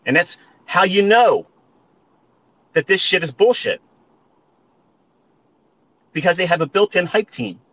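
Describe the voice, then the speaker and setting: A man's voice: high-pitched, animated, unhurried, pauses often, fairly bright tone, lo-fi sound. A man ranting at listeners on a live audio stream, profane and emphatic, repeating his points and calling them folks. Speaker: trading educator.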